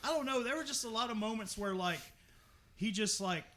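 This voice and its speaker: A man co-hosting a movie podcast, rambling in animated, profane casual chat. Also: high-pitched, brisk. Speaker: podcast co-host.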